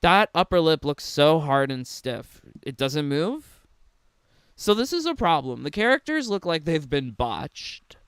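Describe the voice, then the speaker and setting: A man's voice: fairly high pitch, big pitch swings, measured pace, a bit bright, clean tone, no echo, studio quality. A man giving sarcastic, mocking reaction commentary on a game trailer, laughing often. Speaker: gaming commentator.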